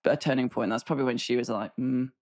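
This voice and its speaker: An English woman in her thirties with a low, relaxed speaking voice, chatting casually on a podcast. Her talk rambles with fillers and dry, teasing humour. The sound is close and dry, with no room around it. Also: fast, no room sound. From England. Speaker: podcast co-host, golf broadcaster. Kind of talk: casual chat.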